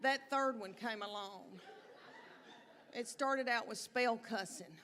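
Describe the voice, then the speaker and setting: A middle-aged woman with a voice on the high side performs comedy at a slow pace, telling chatty, drawling stories and acting out quotes. The live recording catches a loud crowd, audience laughter, and a little hiss or hum.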